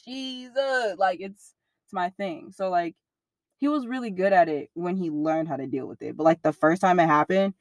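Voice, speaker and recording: A young woman with a fairly low voice speaks openly about her past in an interview. Her talk is casual and full of slang, and it grows lively whenever she acts out what others said. The recording is close and dry, with no room sound. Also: moderate pace, no echo. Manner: casual slang-heavy, animated when quoting others. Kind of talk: candid personal interview.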